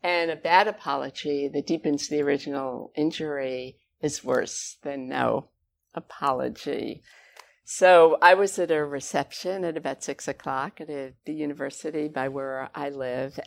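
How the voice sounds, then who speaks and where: A woman, a guest author, telling stories conversationally with animated, expressive emphasis. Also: deep voice, moderate pace, gravelly. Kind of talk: conversational storytelling.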